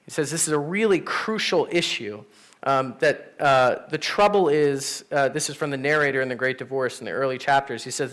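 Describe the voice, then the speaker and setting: A man, a pastor, teaching an adult Sunday class in a church room, telling stories in a casual, animated way. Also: mid-range voice, normal speed. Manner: animated, storytelling, conversational with fillers. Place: church classroom with teens present.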